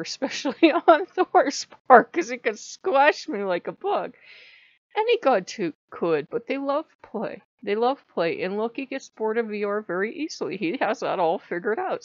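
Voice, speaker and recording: A woman talks casually to her channel, animated and quick to laugh as she tells her story. Her voice sits at an ordinary middle pitch. The sound is dry and close, with a slightly dull, muffled top end. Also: no room sound. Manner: chatty, animated, laughs often. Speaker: spiritual vlogger. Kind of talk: casual chat to camera.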